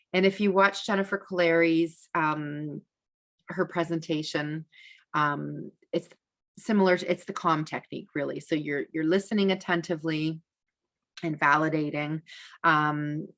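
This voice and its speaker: A woman teaching a parenting masterclass in a relaxed, conversational way, with frequent fillers and restarts. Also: sits low. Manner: acts out gentle validating speech to a child. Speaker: parenting educator.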